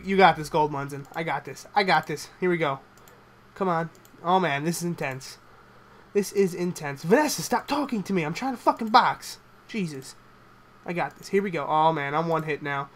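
A man giving live gameplay commentary, excitable and swearing a lot, swinging from low muttering to shouting at the game. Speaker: gamer.

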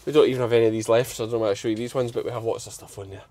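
Out on a farm hillside, this Scottish man narrates a casual vlog as he and his dog handle sheep, talking to the camera while he works. He speaks very fast at a medium pitch, with a warm tone.

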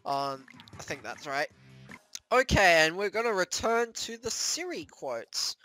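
A young adult gaming host talks through a match in a slow, meandering way, wandering into self-mocking asides. The voice is bright and edgy and swings widely in pitch. At scares it breaks into loud, high shrieks. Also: soft background music. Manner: excitable, shrieks and screams at in-game scares. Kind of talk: let's play commentary.

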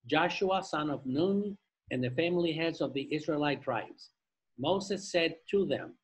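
Husky man reading scripture aloud. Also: fairly high pitch, poor audio. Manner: reads slowly, stumbles over names, adds jokey asides. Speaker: Torah study participant reading scripture. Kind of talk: reading aloud and group discussion.

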